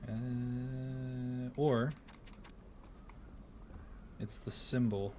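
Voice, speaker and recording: A man's voice: medium pitch, very slow, a little hiss or hum. Playful male game streamer. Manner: playful, animated storybook narration. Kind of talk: casual game commentary and reading aloud.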